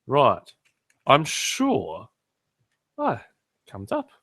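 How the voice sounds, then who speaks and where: A man's voice: mid-range voice, wildly swooping pitch, extremely slow, a bit bright, no echo, studio quality. A man hosting a podcast in casual chat, cracking irreverent jokes. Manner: joking, irreverent banter. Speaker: podcast host.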